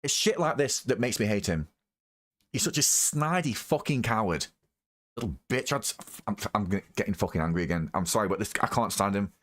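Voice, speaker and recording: A man hosting a live reaction, his voice sitting a little low. He rants in an angry, profane stream, repeating himself as his temper rises. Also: animated, normal speed, a bit bright. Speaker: reaction video host.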